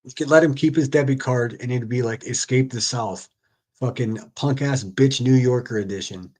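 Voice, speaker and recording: A man's voice: medium pitch, darkish tone. A man hosting a live stream, who reacts to clips with profane, exasperated rants. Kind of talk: casual ranting commentary.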